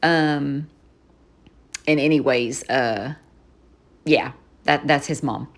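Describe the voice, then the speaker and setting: A woman's voice: a bass voice, slow. A woman vlogger telling a rambling story in a casual chat, full of fillers and asides. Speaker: journaling vlogger.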